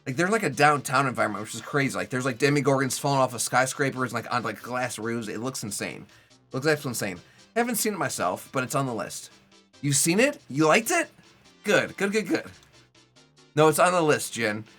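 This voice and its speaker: Bright-voiced chatty male streamer. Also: medium pitch, lively intonation, quick pace, soft background music. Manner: rambling, chatty, heavy on "like" fillers. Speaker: Twitch streamer playing a video game. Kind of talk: casual live gameplay commentary.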